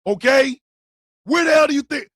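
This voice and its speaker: A man's voice: very high voice, normal speed, a bit bright, dry recording. A man hosting a comedy podcast, ranting in a profane, mocking way with bursts of laughter, close on the mic. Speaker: podcast host. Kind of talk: comedic rant.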